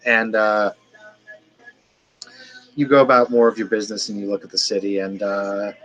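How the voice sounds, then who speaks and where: A man's voice: lowish voice, level tone, moderate pace, fairly bright tone, lo-fi sound. A man narrating a tabletop game as game master, rambling and descriptive with frequent fillers.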